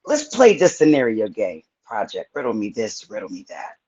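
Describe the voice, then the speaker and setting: Woman, angry, profane, confrontational, husky, muffled lo-fi audio. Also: a bass voice, big pitch swings, normal speed, darkish tone. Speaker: live-stream panelist. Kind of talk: heated live-stream confrontation.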